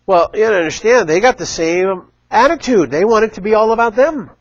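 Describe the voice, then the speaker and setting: A middle-aged man giving a casual church talk, chatty and animated, acting out quotes as he tells stories. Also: high-pitched, brisk, no room sound, dull audio. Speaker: church teacher. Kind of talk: casual sermon.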